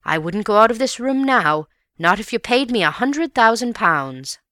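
A woman's voice: a little high, big pitch swings, moderate pace, pushed and bright, no echo, clean studio sound, voice pushed up. A woman voicing a nervous older woman who is fretful and quavering with panic. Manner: anxious, fretful.

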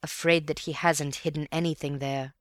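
A thoughtful, earnest man, voiced by a woman narrator in a storybook reading, speaking slowly and with weight. The low voice stays close and dry. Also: flat delivery, no echo, natural voice. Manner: slow, earnest, measured.

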